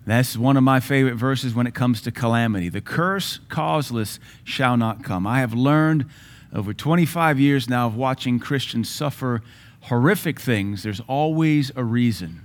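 Middle-aged male pastor, forceful repetitive sermon delivery, average pitch. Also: moderate pace. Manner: emphatic, repetitive preaching cadence.

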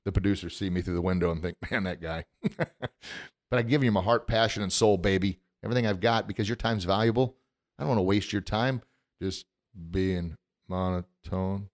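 Man, middle-aged, podcast host, motivational monologue, slightly low pitch, emotional, animated, studio mic. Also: brisk. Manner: emotional, animated, laughs at himself. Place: recording studio. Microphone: studio microphone, standing.

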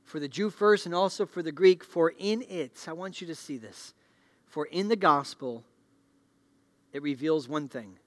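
A middle-aged male pastor preaching a sermon in a church, asking the congregation questions and moving between loud declarations and hushed appeals. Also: on the high side, normal speed. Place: church sanctuary.

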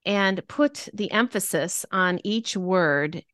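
A woman's voice: mid-range voice, slow pace, a bit bright, no echo. Earnest woman guest, dry close sound. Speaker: podcast guest. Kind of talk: casual interview conversation.

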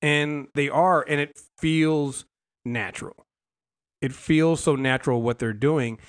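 A young adult man hosting a casual TV recap show, talking in a lively, rambling way full of fillers and restarts. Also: on the high side, unhurried, clear, resonant tone. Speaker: podcast host.

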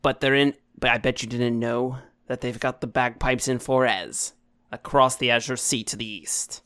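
A man's voice: medium pitch, steady tone, moderate pace, sharp tone, clear, resonant tone, natural voice. A man voicing a cornered female captain and information broker, dry and grudging.

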